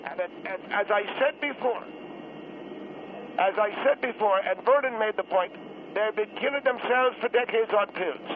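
An actor playing a fussy, indignant priest who calls in to a radio talk show, rambling and exasperated. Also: male voice, high voice, normal speed, background noise, close to an everyday voice. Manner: exasperated, rambling, repeats himself. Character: fussy old male priest caller, indignant. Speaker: priest calling in. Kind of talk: comedic radio call-in sketch. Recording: tinny phone line.

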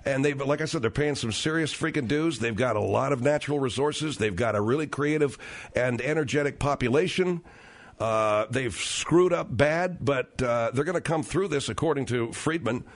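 A middle-aged man hosting a comedic talk radio show, riffing sarcastically on news stories with animated delivery. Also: medium pitch, normal speed.

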